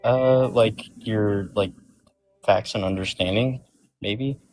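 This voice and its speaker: Hesitant low-voiced young man. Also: a little mellow, faint music behind. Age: 20s. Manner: hesitant, halting with fillers. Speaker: caller. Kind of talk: casual conversation.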